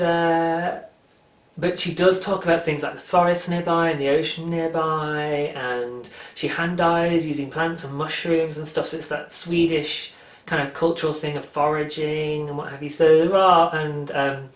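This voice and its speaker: A man's voice: fairly high pitch, steady tone, measured pace, fairly bright tone. A British man hosting a craft podcast in casual, enthusiastic chat, with frequent ums. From Britain. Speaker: podcast host. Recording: roomy echo.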